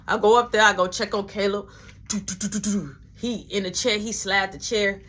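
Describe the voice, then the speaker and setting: A woman telling a long personal story in casual slang, animated and acting out every voice. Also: mid-range voice, normal speed.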